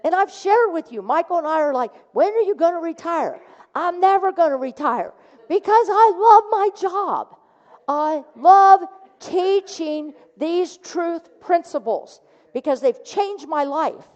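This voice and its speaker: Animated woman minister preaching in a reverberant hall. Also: extremely high pitch, measured pace. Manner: animated storyteller acting out voices. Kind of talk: sermon storytelling. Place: church sanctuary. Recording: dull sound with long hall reverb.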